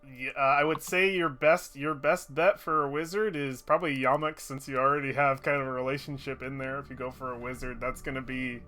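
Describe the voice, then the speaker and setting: A man running a tabletop game as game master, easygoing and quick to laugh. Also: mid-range voice, fairly even intonation, bright, forceful tone. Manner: easygoing, laughs often, fillers.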